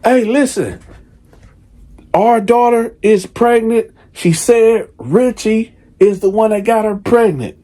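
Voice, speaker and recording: A man voicing an enraged birth father who shouts threats and curses, voice pushed up high. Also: slow pace. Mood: furious. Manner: yelling, cursing, threatening.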